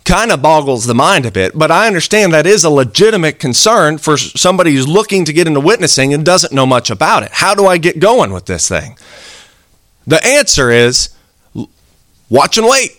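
A man delivers an earnest, conversational sermon, his voice a touch higher than most and full of swings in pitch. The sound is dry and close, with little room around it. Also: very animated, fairly quick, fairly bright tone, no echo. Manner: earnest, conversational preaching with acted-out quotes. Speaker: preacher.

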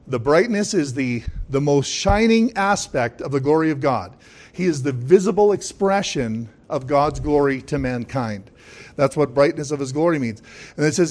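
A man's voice: on the high side, lively intonation, moderate pace, a little mellow. A man preaching a sermon, emphatic, with frequent calls of "Amen?" and chuckling asides. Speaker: pastor.

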